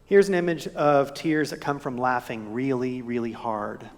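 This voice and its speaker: Reflective pastor preaching in a reverberant church. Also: male voice, medium pitch, lively intonation, normal speed. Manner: gentle, reflective preaching with rhetorical questions. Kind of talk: sermon. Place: church sanctuary. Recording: long hall reverb.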